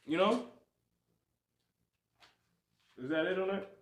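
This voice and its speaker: Speaking briskly in a high-pitched voice, a man teaches a Bible lesson over livestream, preachy and repetitive with animated swings. "You see" and "you know what I'm saying" come up again and again in the roomy-sounding audio.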